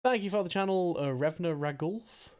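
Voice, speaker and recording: A man streaming a detective board game, chatting casually and reading the case text aloud in a relaxed, jokey way. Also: high voice, moderate pace.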